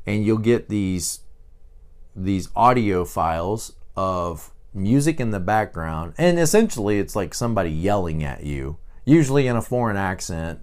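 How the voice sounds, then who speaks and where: A man talks through a lesson in a loose, chatty way, drifting into asides and filling pauses as he thinks. His pitch swings widely from phrase to phrase, rising high for emphasis and dropping low as he trails off, so the talk sounds lively and unscripted. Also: clean tone. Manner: animated, digressive, many fillers. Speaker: teacher. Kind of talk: conversational teaching talk.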